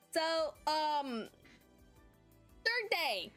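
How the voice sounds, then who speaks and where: Giggly, animated young woman streamer. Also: sits high, drawn-out words, long pauses, soft background music. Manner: giggly, rambling, with frequent fillers. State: yawning, sleepy. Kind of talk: casual chat.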